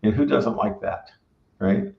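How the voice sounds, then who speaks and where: A man's voice: fairly low pitch, unhurried, gravelly. A man who owns a barbecue restaurant gives rambling, casual advice and keeps tagging his sentences with "right?". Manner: rambling, filler-heavy, keeps asking "right?". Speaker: restaurant owner and pitmaster. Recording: roomy, dull lo-fi sound.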